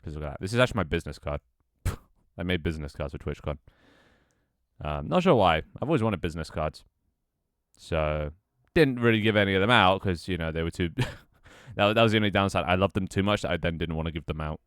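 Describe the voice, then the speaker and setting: A man's voice: sits low, lively intonation, a little fast, a bit bright, clean tone, no room sound, clean studio sound. A tired, out-of-breath young man chatting casually with his livestream audience, sighing and swearing offhandedly. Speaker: Twitch streamer.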